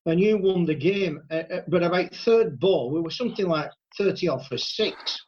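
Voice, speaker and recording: A man on a loudspeaker phone, retelling a cricket mishap in a jokey, stammering way. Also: high-pitched, normal speed, muffled recording, a little hiss or hum. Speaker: podcast guest calling in. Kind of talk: casual chat.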